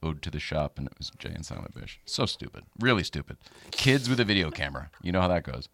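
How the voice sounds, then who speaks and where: A man hosts a loose live stream, rambling and restarting his sentences. His low voice is bright and swings widely in pitch. It is recorded dry and close. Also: big pitch swings, fast, no room sound. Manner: rambling, laughing, lots of fillers and restarts. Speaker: show host. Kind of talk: casual live-stream chat.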